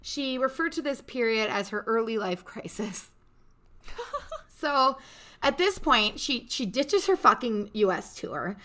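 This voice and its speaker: A woman's voice: on the high side, animated, unhurried, pushed and bright. A young woman hosting a casual podcast chat, telling a story in a chatty, swearing, offhand way. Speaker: podcast host.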